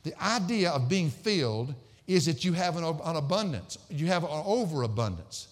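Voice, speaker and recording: A pastor preaching with a fairly high-pitched man's voice. He moves between loud, emphatic declamation and quiet, chatty asides. The sound rings with the long reverb of a church sanctuary. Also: sing-song, moderate pace. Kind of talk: sermon.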